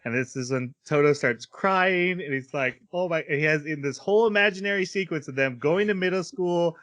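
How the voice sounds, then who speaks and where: A man's voice: fairly high pitch, a little fast, fairly bright tone. A man hosting a casual anime podcast, recapping episodes and laughing often. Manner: laughs often while recapping plot, acts out quotes. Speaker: podcast host.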